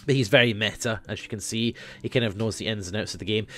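A man hosting a casual let's play, chatty and excitable, sometimes trailing off into mumbles. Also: lowish voice, fast talker, few pauses, soft background music. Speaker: gaming channel host.

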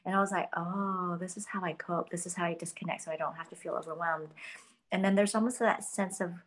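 A woman's voice: lowish voice, steady tone, brisk, poor audio. A woman hosting a podcast, talking earnestly and self-reflectively in casual conversation, with frequent fillers. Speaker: podcast host.

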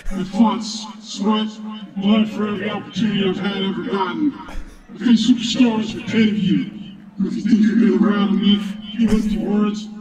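A man's voice: high-pitched, steady tone, moderate pace, echoey room, distant mic, a loud crowd, pitched above the performer's own voice, poor audio. A man voicing a proud, defiant giant male wrestler through a voice changer.

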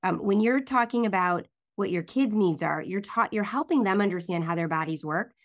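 A woman's voice: medium pitch, normal speed. A woman podcast host in casual interview chat, earnest and emphatic. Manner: earnest, emphatic, some ums.

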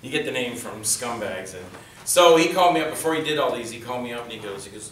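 A man's voice: mid-range voice, animated, fast, a bit bright. A man on a convention panel telling rambling filmmaking anecdotes and acting out the quoted lines in put-on voices. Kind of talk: casual storytelling on a panel. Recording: roomy hall mic, heard from a distance, faint noise.

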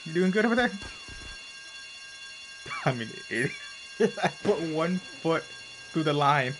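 A man calls out live gameplay commentary in a high voice that leaps all over the place. He talks at an easy pace between his yelps and laughs. Game sirens and traffic are loud under him. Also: sing-song, slow. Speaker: gamer streaming gameplay. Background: game sirens and vehicle noise.

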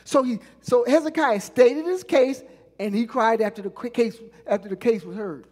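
High-voiced woman pastor preaching emphatically. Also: a little mellow. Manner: call-and-response preaching, prompting the congregation to repeat phrases; emphatic, drawn-out delivery on key lines. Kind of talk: sermon. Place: church sanctuary. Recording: long church reverb.

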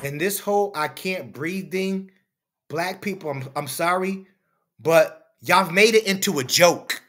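A man's voice: high voice, measured pace, a bit bright. A man hosting a commentary channel, lecturing his audience in a preachy, repetitive way. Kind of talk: opinion commentary over footage.

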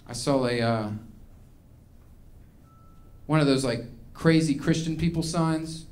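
A man works through a live stand-up set in a small venue. His voice sits a little higher than most men's. He rants, rambles and swears freely as he goes. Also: slow, darkish tone. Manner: ranting, profane, rambling. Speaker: stand-up comedian.

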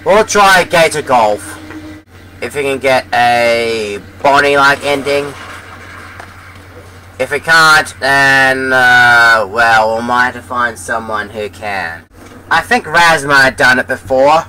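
A man giving rambling let's play commentary, getting excited and shouting at surprises. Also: mid-range voice, slow pace, rough recording. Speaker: gameplay commentator. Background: loud game music.

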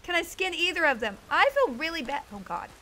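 Excitable woman streamer doing live gameplay talk, very lively high bright voice. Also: brisk, a little hiss or hum. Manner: excitable, exclamatory, laughing asides. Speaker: game streamer.

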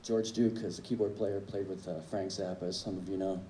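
A man, a drummer, telling relaxed, wry anecdotes in a tribute speech on a live club stage. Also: sits low, fairly quick, a little hiss or hum. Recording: echoey club with faint ambience.

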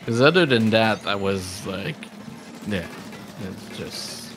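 Slow, low-voiced man chatting on stream. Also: expressive, background noise. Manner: rambling and self-deprecating, laughs often. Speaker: livestream host. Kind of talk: casual live-stream chat.

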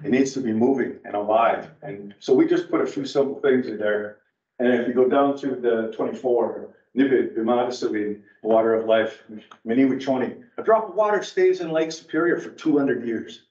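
A man speaking as a guest at an adult education class, wandering from point to point in an animated, storytelling way. He sounds distant from the mic in a roomy church space. The recording is dull and lo-fi. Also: medium pitch, moderate pace. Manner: rambling, digressive, animated storyteller. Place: church meeting room.

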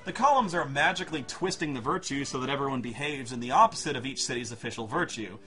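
A man's voice: mid-range voice, expressive, fast talker, pushed and bright. Sarcastic man ranting over a game review. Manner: sarcastic, profane, exasperated ranting. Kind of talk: comedic video game review.

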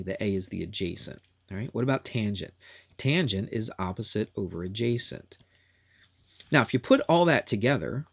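A man's voice: lowish voice, dry recording. A man teaching a recorded math lesson in a chatty, upbeat way that often repeats itself.

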